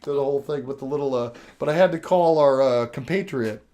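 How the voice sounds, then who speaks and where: A man's voice: mid-range voice, fairly quick, dark tone. An older man and show host telling a story in casual chat, laughing often as he goes. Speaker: podcast host.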